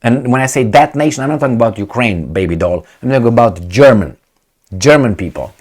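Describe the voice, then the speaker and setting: Middle-aged male commentator, mocking rant, lively swinging pitch. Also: brisk. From Romania. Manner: sarcastic, heated, mocking. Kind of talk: ranting video commentary.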